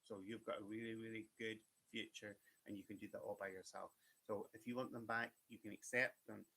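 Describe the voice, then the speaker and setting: Male tarot reader, bright forward tone, chatty and reassuring, live-stream one-card readings. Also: fairly low pitch, flat delivery, a little fast, vocal fry, a little hiss or hum. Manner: chatty, repetitive, reassuring, addresses viewers by name.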